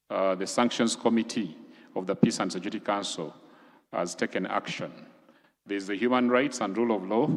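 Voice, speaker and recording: Measured man presenting in a reverberant hall. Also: on the low side. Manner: measured, explanatory, lists items deliberately. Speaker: government official briefing legislators. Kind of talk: formal presentation. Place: large conference hall. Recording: long reverb of a large hall.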